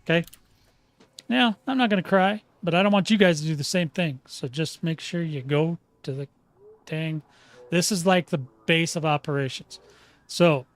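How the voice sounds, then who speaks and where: A man hosting a casual game tutorial, folksy and chatty, often restarting sentences and checking in with "okay?". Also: a little high. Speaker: gaming channel host.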